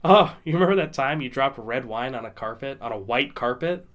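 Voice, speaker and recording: A man's voice: mid-range voice, expressive, a little fast, a bit bright. A man co-hosting a casual podcast, rambling with many restarts. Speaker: podcast co-host. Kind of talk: casual chat.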